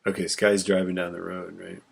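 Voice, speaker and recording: Very low, gravelly male lecturer. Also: little pitch movement, fairly quick. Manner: rambling, mutters calculations half-whispered under his breath; tells corny jokes between topics. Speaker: instructor. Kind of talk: informal classroom lecture.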